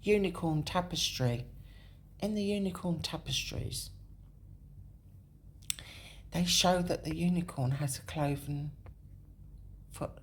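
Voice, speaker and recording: Here her voice is low and slow, with many pauses and slight background noise. As the video's host, she rambles through a map walkthrough while thinking aloud, repeatedly correcting herself and occasionally slipping into a whisper.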